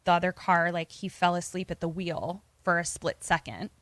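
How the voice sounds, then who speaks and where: A woman's voice: lowish voice, level tone, moderate pace, fairly bright tone, no room sound, lightly acted. Woman voicing a grieving young widow.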